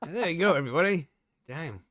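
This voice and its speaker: A man's voice: a little high, animated, quick pace, fairly bright tone, dry recording, clean studio sound. A young man co-hosting a podcast, chatting casually, swearing freely and laughing at his own jokes. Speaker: podcast co-host. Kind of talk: casual chat, telling jokes.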